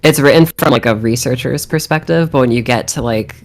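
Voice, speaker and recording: A woman's voice: a bass voice, brisk, a little mellow. A woman chatting casually on a stream, rambling a little and laughing often. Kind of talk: casual chat.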